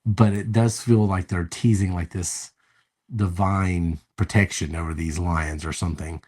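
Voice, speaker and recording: A man's voice: deep voice, steady tone, unhurried, a little mellow, slightly rough. A man co-hosting a podcast, chatting loosely about a movie in a laid-back, rambling way with casual swearing. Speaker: podcast co-host. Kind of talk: casual movie review chat.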